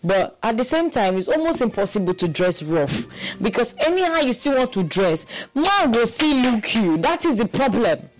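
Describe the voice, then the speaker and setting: A woman's voice: a little high, moderate pace, few pauses, low-quality recording. A Nigerian woman co-hosting a radio show, chatting casually and slipping into Pidgin. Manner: relaxed, Pidgin-sprinkled banter. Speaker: radio co-host.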